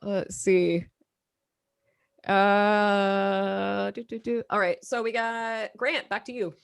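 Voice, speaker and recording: A woman's voice: medium pitch, level tone, takes it slowly, vocal fry, clean tone. American woman hosting a comedy quiz. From United States. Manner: laughing, profane, joking asides. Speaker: game show host. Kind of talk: comedic live game show hosting.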